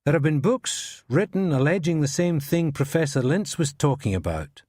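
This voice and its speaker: A man's voice: a little high, lively intonation, moderate pace, a little mellow, no echo. An actor playing a patient male detective who questions a suspect with dry, probing politeness. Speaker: police interrogator.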